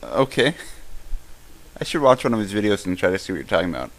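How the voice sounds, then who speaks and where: A man's voice: lowish voice, very animated. A young man co-hosting a live-stream podcast, rambling through his thoughts with lots of halts and restarts. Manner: rambling, halting, many restarts. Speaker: podcast co-host. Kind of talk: casual live-stream Q&A chat.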